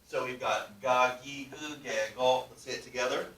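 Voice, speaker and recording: A man's voice: mid-range voice, normal speed, a bit bright. A man teaching a class, explaining step by step and often checking that students follow. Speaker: language teacher. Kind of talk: classroom lesson. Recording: roomy, distant, faint background noise.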